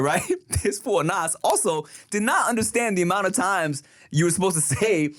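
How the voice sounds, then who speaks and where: Animated laughing man telling stories. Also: high voice, normal speed. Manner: laughing storyteller, swears, sings snippets in silly voices. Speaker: podcast co-host. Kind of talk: casual chat while eating.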